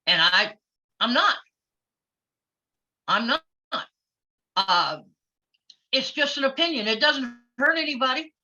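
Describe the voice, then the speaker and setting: A woman, a former wrestler, chatting openly in an interview, outspoken and quick to laugh. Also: high voice, expressive, sharp tone. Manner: outspoken and blunt, laughs easily. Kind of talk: casual interview chat. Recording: lo-fi audio.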